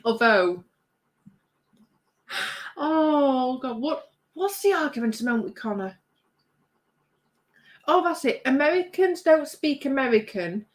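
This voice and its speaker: Hosting a casual stream from her craft bench at home, a British woman reads viewers' comments aloud, rambling and chatting with easy laughs. Her high-pitched voice is animated, measured in pace, and broken by long pauses.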